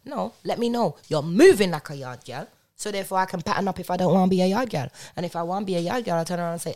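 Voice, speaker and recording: A lower-pitched woman speaking in a loose group conversation. She argues her points with emphatic, animated storytelling and plenty of street slang. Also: very fast, hardly any pauses. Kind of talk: casual group chat.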